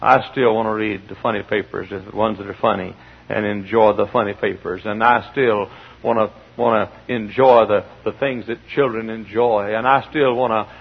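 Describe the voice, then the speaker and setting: A man preaching a sermon, telling stories with animation and building to shouts. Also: fairly low pitch, fairly even intonation, normal speed, creaky, husky. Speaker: pastor. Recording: dull lo-fi archival sermon tape.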